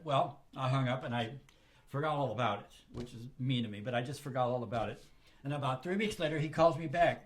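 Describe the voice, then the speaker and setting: An older man from Southern California casually telling a personal anecdote, acting out other people's lines in lively voices. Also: medium pitch, fast. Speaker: storyteller.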